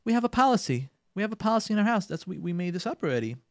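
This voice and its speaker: A man's voice: sits high, very animated, racing, no room sound, clean studio sound. A man hosting a radio show who gives marriage advice in an emphatic, instructive way. He often acts out what spouses say and repeats words for emphasis. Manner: emphatic and instructive, addresses listeners directly.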